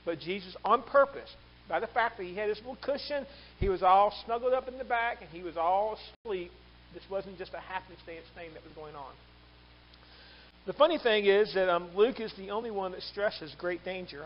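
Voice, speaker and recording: A male pastor preaching a sermon in an animated way, acting out the quoted lines. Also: high voice, dull audio, slight background noise.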